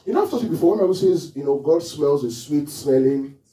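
A man's voice: fairly high pitch, animated, a little fast, warm tone. A man preaching a sermon to his congregation in a church, often asking them questions and waiting for their answers. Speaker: pastor. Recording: echoey hall, mic far off.

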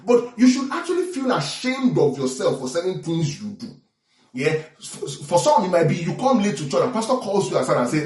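A man preaching a sermon as pastor, animated, often checking in with the congregation. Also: fairly high pitch, fast talker. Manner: animated preaching with call-and-response asides. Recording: echoey room from far off.

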